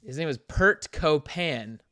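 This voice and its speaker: A man chatting casually about anime on a podcast, rambling and animated and laughing often. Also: on the high side, takes it slowly. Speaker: podcast co-host.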